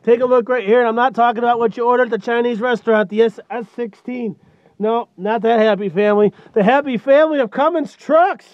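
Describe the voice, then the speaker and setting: A man's voice: extremely high pitch, fairly even intonation, fairly quick, dry recording, dull audio. A man selling trucks with a joking, hyped sales patter, recorded outdoors in the cold on a handheld camera mic. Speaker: truck dealer.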